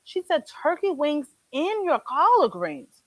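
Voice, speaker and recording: Lively high-voiced woman chatting live. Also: a little slow, no room sound. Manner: animated storyteller, laughs often, chews while talking. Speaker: co-host. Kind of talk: casual live-stream chat. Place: home couch.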